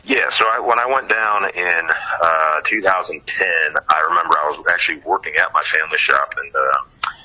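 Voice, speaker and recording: A singer-songwriter from Ohio, telling stories as a guest in a casual interview. He is animated, chuckles often and uses many fillers. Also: deep voice, moderate pace, low-quality recording.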